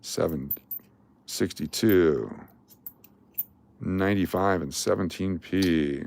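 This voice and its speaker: Low-voiced chatty older man. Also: slow, vocal fry, a little mellow. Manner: chatty and jokey, calling out coin dates and mint marks. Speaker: coin collecting live streamer. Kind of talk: casual live commentary while sorting coins.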